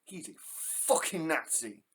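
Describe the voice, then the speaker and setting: Furious man ranting with lively pitch. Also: slow, husky. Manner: furious, profane ranting, pitch jumping sharply. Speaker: reaction video host. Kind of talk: angry reaction commentary.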